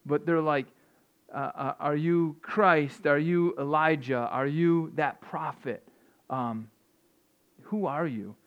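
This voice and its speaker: A man's voice: on the high side, slow, clean tone. A man preaching an informal sermon in a conversational way, often repeating and restarting words. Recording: dull lo-fi sound.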